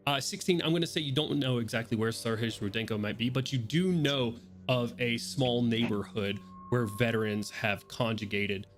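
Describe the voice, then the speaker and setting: A man's voice: mid-range voice, normal speed, few pauses, soft background music. A man running a tabletop roleplaying game as dungeon master, narrating in a casual, rambling way with swearing.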